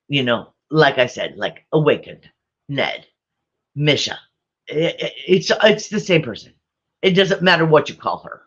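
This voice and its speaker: Slow, bright-voiced woman telling stories. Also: fairly low pitch, lo-fi sound. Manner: rambling, repeats phrases, chuckles often. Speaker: vlogger. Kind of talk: casual storytelling.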